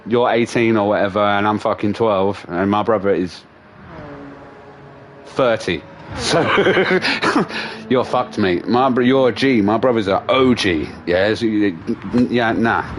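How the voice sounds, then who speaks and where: A man's voice: on the low side, slight background noise. A man, a gaming streamer telling stories in a casual, profane rant and laughing along the way. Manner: profane, animated storyteller.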